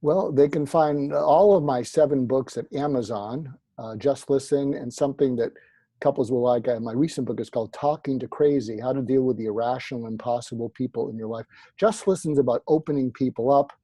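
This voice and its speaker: A man answers interview questions with animated stories, voicing the people he quotes. His voice is mellow and a little husky, recorded close and dry. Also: mid-range voice, fairly quick, no echo. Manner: animated anecdotal storyteller, acts out quotes. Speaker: psychiatrist guest.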